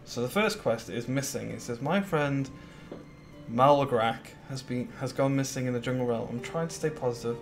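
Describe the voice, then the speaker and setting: Faint music sits behind this man as he streams a game, speaking at a normal speed in a medium pitch. It's relaxed, rambling talk about his plans, heavy on fillers and replies to chat messages.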